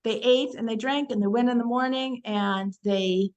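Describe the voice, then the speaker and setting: A woman teaching the weekly Torah portion in a chatty, animated way, acting out quotes and using many fillers. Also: fairly high pitch, normal speed, lo-fi sound.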